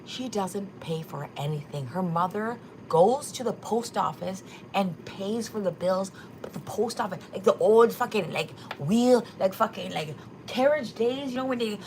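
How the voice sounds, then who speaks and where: A woman's voice: mid-range voice, normal speed, background noise. A woman hosting a livestream, chatting casually and gossiping about clips, swearing now and then. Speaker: livestream host.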